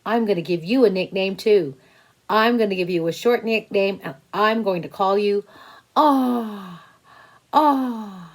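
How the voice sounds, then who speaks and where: A woman voicing a kindly, patient mother of five in a children's story, speaking gently and playfully and stretching out sounds. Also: mid-range voice, normal speed, close to an everyday voice. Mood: fond, amused.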